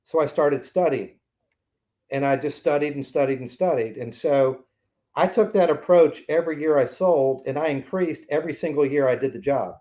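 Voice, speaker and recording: A man's voice: on the high side, moderate pace, warm tone. A man in his sixties, a podcast guest, telling anecdotes in a casual interview and acting out the voices of the people in them.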